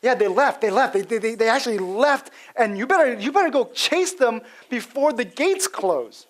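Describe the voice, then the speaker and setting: A man voicing a quick-thinking woman from an old story, speaking in a brisk, matter-of-fact way. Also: very high voice, lively intonation. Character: bold ancient woman hiding spies, cunning.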